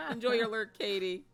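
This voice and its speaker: A woman hosting a live stream in casual chat, greeting viewers and laughing often. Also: a little high. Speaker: streamer host.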